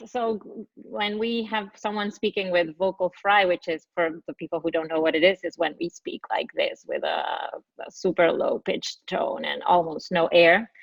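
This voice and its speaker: A woman's voice: fairly low pitch, fairly bright tone, dry recording. A woman speech therapist from Argentina explaining voice therapy on a panel, demonstrating sounds as she goes. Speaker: speech-language pathologist. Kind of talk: panel answer. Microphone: video call. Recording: dull lo-fi video call audio.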